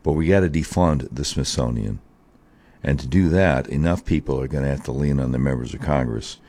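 A man's voice: a bass voice, fairly quick, mellow. A man hosting a political talk show, giving opinionated commentary between played clips. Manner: opinionated, drawling, mocking asides. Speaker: radio talk host.

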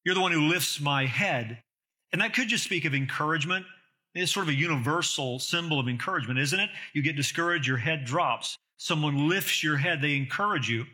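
A man's voice: fairly high pitch, expressive, a little fast, sharp tone. A man preaching an expository sermon, earnest and emphatic, with rhetorical questions to the listeners.

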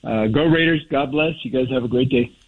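Over a tinny phone line, a Northern California caller rambles heartfelt thoughts to a radio show. He speaks fairly quickly at medium pitch, and his voice has a breathy edge.

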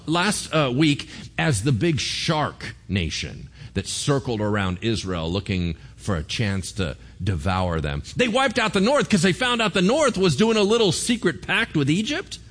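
Animated man preaching casually. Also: fairly high pitch, moderate pace. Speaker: pastor. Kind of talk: sermon.

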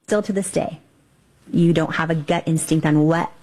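A woman asking interview questions in a gentle, probing way. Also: low voice, fairly even intonation, normal speed, slightly rough.

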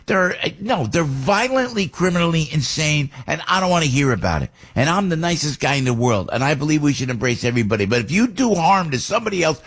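A middle-aged man talks into a studio microphone as a radio host, airing his opinions with heat. His pitch swings widely, rising high on outbursts and sinking into low, confiding asides. The voice has a husky, slightly rough grain. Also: very animated, quick pace, hardly any pauses. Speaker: radio talk show host.

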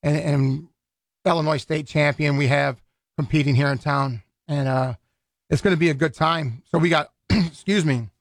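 Midwest guy on studio mic, kinda high voice, rambles and restarts a lot, dry close sound. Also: moderate pace, dry recording. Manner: rambling, loose, many restarts and fillers. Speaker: boxing event organizer. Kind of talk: casual radio interview. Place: radio studio. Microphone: studio microphone.

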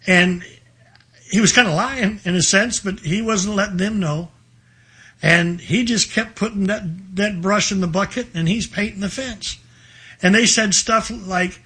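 Husky-voiced older man preaching on radio. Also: high-pitched, moderate pace, bright, forceful tone. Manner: rambling, folksy storytelling with frequent restarts. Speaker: radio ministry host taking calls. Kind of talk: call-in radio sermon talk.

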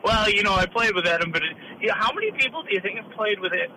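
A man calling into a sports radio show, rambling with laughs and halting starts. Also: high voice, lively intonation, sharp tone, a little hiss or hum, poor audio. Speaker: caller. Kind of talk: casual call-in chat.

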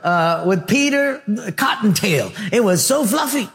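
A good-humored male ranch cook with a homespun rural American drawl, as a preacher puts him on. He sounds folksy and easygoing, and his voice sits high. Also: very animated, a little slow, gravelly, fairly bright tone, exaggerated voice. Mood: joking.

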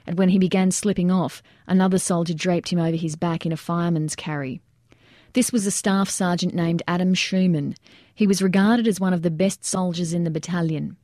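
A woman narrates an audiobook in a measured, steady way. Her voice is fairly low and mellow. The recording is dry and close. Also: dry recording.

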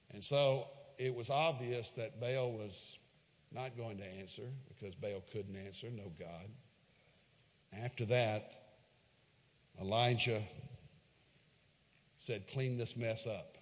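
A man preaching a sermon and retelling a Bible story, swinging from loud emphatic peaks to quiet low asides. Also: slow, long pauses. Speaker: pastor. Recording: long hall reverb.

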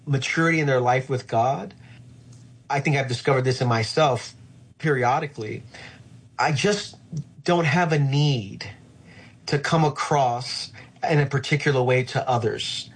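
A middle-aged male pastor talking through faith in an earnest, thoughtful way, slowing down to land his key points. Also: mid-range voice, breathy edge. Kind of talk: reflective faith conversation.

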